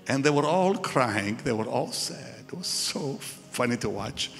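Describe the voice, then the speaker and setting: A man's voice: medium pitch, measured pace. An older man preaches a storytelling sermon at a live church service, mimicking the people in his story with lifts and drops of his voice. His voice sits in a middle register. A long hall reverb surrounds him, with faint music underneath. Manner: animated storyteller acting out quoted voices.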